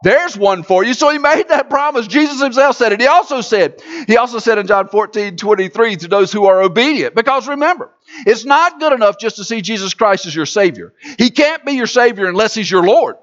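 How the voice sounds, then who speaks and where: A man preaching a sermon as pastor, swinging between loud emphatic lines and quiet near-whispered ones. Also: high-pitched, expressive, a little fast, highs cut off.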